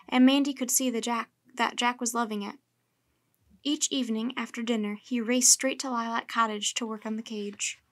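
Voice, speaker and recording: A woman reading a children's book aloud in a steady, clear storytelling manner. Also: on the high side.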